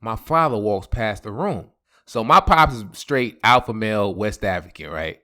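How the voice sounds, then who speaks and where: A man hosting a podcast, telling a comic personal story in slangy, animated talk. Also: fairly high pitch, moderate pace. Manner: animated, slangy, laughing asides. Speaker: podcast host. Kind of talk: comedic storytelling.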